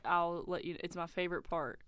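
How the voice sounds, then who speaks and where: Radio co-host, middle pitch, dry close sound, easygoing and quick to laugh. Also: steady tone, a bit bright, smooth, no room sound. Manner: laughs easily, brief agreeing replies. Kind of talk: casual chat.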